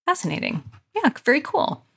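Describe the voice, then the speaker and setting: A woman co-hosting a podcast in casual chat, talkative and quick to laugh. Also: high voice, wildly swooping pitch, vocal fry, a bit bright. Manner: chatty, laughing, quick asides. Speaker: podcast co-host.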